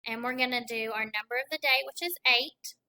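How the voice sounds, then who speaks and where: Kindergarten teacher, woman, high, bright voice, slow and encouraging, counts along with the kids. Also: smooth, low-quality recording. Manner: encouraging, counts aloud slowly for young children. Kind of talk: recorded classroom lesson.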